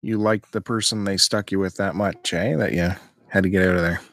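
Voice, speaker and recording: Male podcast host, lowish voice, dry ribbing banter, casual. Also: steady tone, a little fast, fairly bright tone, dry recording.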